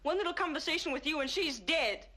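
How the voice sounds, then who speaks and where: A woman's voice: high-pitched, lively intonation, fast talker. An actress playing a sensitive young woman who questions her mysterious lover earnestly in a 1970s TV drama. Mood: tense. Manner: earnest, probing, turns soft and breathy when tender.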